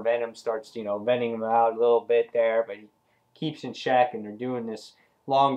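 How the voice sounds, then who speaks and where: A man in the middle of the usual pitch range walks through a comic issue in a loose, rambling way. He leans on fillers and restarts as he retells each scene in casual vlog style. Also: darkish tone. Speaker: comic book reviewer.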